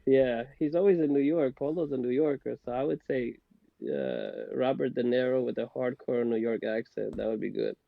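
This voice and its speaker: A man's voice: medium pitch, lively intonation, normal speed, vocal fry, no room sound. A man guest on a casual podcast, rambling with many restarts and laughing as he talks. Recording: dull, dry, lo-fi sound.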